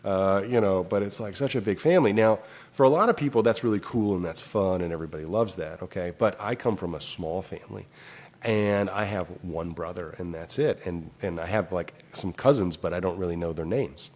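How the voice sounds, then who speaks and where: A man's voice: low-pitched, a little fast, darkish tone. A man as a guest psychologist in an interview, telling a personal story and acting out his own inner dialogue, with loose phrasing and many fillers. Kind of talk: conversational explanation.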